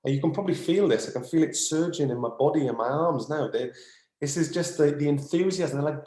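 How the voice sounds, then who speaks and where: A man channelling in a spiritual session. He talks earnestly and excitably, repeats phrases, sighs often, and sounds overwhelmed as he calms himself down. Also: fairly high pitch, fairly quick, reverberant. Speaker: psychic channeller.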